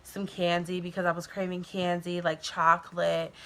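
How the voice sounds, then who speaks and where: A woman's voice: on the low side, level tone, normal speed, pushed and bright. A young woman telling a personal story in a candid, chatty way, swearing now and then and filling her talk with "like". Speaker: vlogger. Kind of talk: casual storytime. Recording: music playing under the voice.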